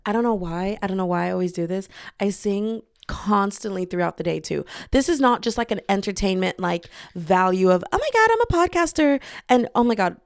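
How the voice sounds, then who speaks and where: A young adult woman hosts her own casual solo podcast from her bedroom with hardwood floors, using a podcasting mic. Her medium-pitched voice has vocal fry and a slight scratchiness, and the recording is dry with clean studio sound. She chats in a rambling way and breaks into playful singing.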